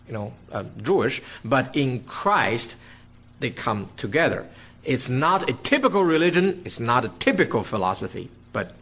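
A man's voice: on the high side, husky. A man preaching a teaching sermon, often checking in with "okay?" and "right?" and restarting his words as he explains. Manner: restarts and fillers, lively explaining.

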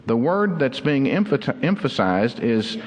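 A man delivers a sermon in an earnest, teaching manner, explaining the text patiently and stretching out key phrases for emphasis. His voice sits at an ordinary middle pitch. The sound carries the long reverb of a church hall. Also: sing-song, slow. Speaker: pastor.

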